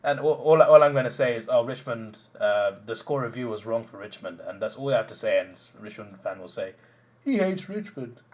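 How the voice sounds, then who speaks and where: A young man hosting a live stream, telling stories in animated casual chat with restarts and bursts of laughter. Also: mid-range voice, fairly quick, hardly any pauses. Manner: animated storytelling, mimicking others, frequent laughs and restarts.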